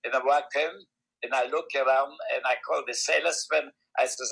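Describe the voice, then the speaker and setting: A man in his nineties telling a story in casual talk, with broken English grammar and lively acted-out voices, heard over a video call. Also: mid-range voice, moderate pace, creaky, husky, poor audio. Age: 90s. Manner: animated, acts out quoted voices; non-native English grammar. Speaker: guest storyteller.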